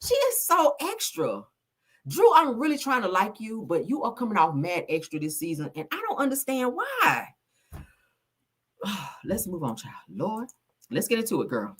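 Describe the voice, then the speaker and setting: A woman's voice: mid-range voice, huge pitch swings, moderate pace, a bit bright, husky. A woman hosting casual reality TV gossip commentary, sassy, blunt and full of slang. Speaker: host.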